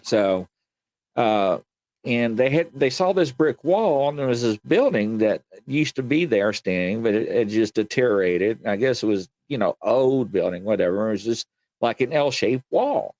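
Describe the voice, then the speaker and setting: Male host, folksy storyteller, very lively pitch, dry close sound. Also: normal speed, no room sound. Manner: animated storyteller, acts out quoted voices, many fillers. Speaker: show host. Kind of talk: casual live-stream storytelling.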